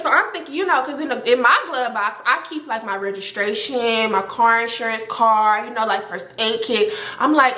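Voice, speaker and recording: A young woman telling a story to camera in a casual, animated and profane way, with many filler words. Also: a little high, normal speed, hardly any pauses. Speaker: storytime vlogger. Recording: roomy echo.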